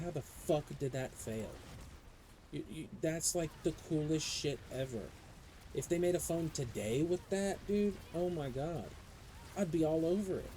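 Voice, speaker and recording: Warm-voiced, foul-mouthed young male streamer. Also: on the high side, slight background noise, low-quality recording. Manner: profane, animated ranting storyteller. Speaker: live streamer. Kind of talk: casual chat while gaming.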